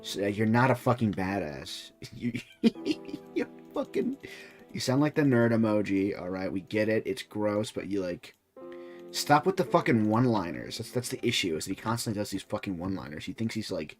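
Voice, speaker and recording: A young man talks through a reaction stream in a fairly low voice, rambling and swearing as he restarts his thoughts. Faint music plays underneath him. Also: expressive, fairly quick. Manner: rambling, profane, lots of restarts and "right?". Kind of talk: casual reaction commentary.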